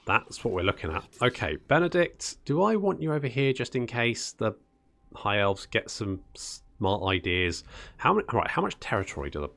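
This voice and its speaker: Chatty man with a low, lively voice. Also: normal speed, gravelly. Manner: chatty, muttering to himself, talks to units as "buddy". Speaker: gaming channel host. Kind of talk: casual let's-play commentary.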